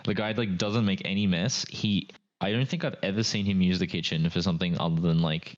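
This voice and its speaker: A man's voice: low-pitched, steady tone, fairly quick. A man, a guest player on an esports show, chatting casually and rambling with lots of fillers. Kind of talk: casual interview chat. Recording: dull lo-fi audio.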